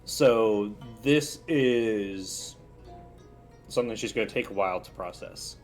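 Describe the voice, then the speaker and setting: A man's voice: on the low side, faint music behind. A man chatting casually as a game player, swearing freely in his banter. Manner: slow, swearing, laughing banter. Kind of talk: casual chat.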